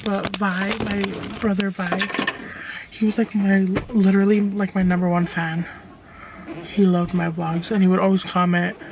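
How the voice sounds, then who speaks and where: A woman's voice: medium pitch, little pitch movement, moderate pace. Chatty young woman vlogging in a car. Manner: chatty, rambling, frank. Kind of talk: casual vlog talk while driving. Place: inside a car. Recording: loud car noise.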